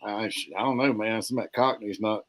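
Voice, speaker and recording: A man's voice: fairly low pitch, fairly even intonation, brisk, a little hiss or hum. A man hosting a casual podcast, folksy, laughing often and trading country sayings. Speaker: podcast host.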